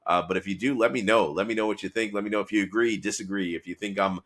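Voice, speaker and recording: A man's voice: fairly low pitch, fairly even intonation, fast talker, fairly bright tone. A man hosting a solo podcast, talking through a TV episode in a rambling, conversational way with many restarts. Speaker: podcast host and business consultant.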